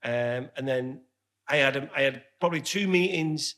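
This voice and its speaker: A man's voice: medium pitch, normal speed, a bit bright. A man with a Northern English accent, co-hosting a casual pub podcast and telling candid stories with plenty of swearing. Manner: candid storytelling, swears freely. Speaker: podcast co-host.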